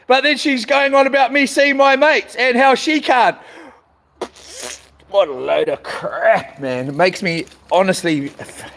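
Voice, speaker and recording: In this casual vlog rant, a middle-aged man with a Kiwi accent speaks in a high-sitting, fairly bright voice. Frustration shows as he trips over his words, starts over, and says things again.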